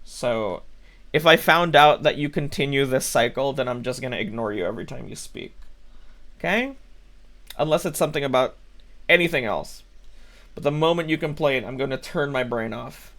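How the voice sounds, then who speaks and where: A man's voice: mid-range voice, normal speed, a bit bright. A man streaming live, bluntly lecturing his chat with lots of swearing. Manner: blunt, scolding, swears freely.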